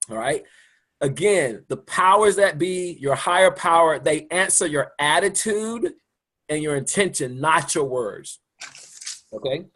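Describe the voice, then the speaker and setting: A man's voice: fairly high pitch, slightly rough. A man giving an informal recorded spiritual lesson as a mentor, talking conversationally and often checking in with his listeners. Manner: conversational, checks in with "okay?", laughs lightly. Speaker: spiritual mentor teaching a course.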